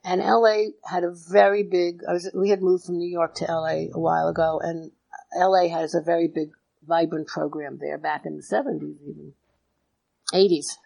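A middle-aged woman tells her recovery story in a gravelly, husky voice that sits fairly low. She talks candidly and confessionally, with wry asides about herself. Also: flat delivery, normal speed, dark tone, low-quality recording. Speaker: recovery speaker.

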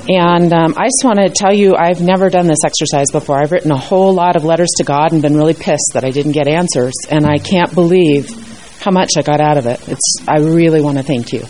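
A woman in a support group, emotionally and haltingly reading a personal letter aloud. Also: low voice, warm tone, a little hiss or hum, poor audio.

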